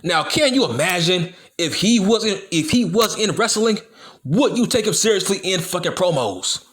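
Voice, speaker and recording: A man on a solo commentary video, going off in a heated and profane rant. His voice sits a bit high for a man and swings up and down a lot as he hammers each point over and over. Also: animated, normal speed, a bit bright. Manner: heated, profane, repeats himself for emphasis. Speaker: wrestling YouTuber. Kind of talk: profane opinion rant to camera.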